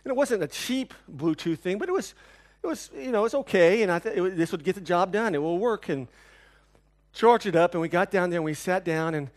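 A man preaching a sermon, telling a personal story with lively, animated delivery that drops to hushed, somber tones. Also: high-pitched, brisk. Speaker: pastor.

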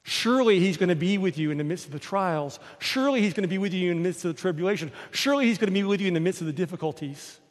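High-voiced preaching man, echoing hall. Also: lively intonation, very fast, hardly any pauses. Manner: emphatic, repetitive storytelling. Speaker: pastor. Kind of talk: sermon. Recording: long hall reverb.

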